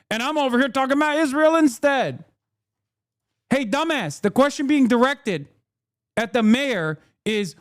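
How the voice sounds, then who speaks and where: A man's voice: very high-pitched, clean tone. A man hosting a livestream of political commentary, ranting at chat in a combative, profane and sarcastic way. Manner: heated rants to chat. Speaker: streamer host.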